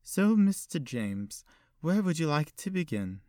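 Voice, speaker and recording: A man voicing an elderly wealthy woman hosting at her manor, with a shaky voice and slow, genteel, formal speech. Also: a little high, big pitch swings, mellow, no room sound, clean studio sound, voice pushed up. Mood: gracious.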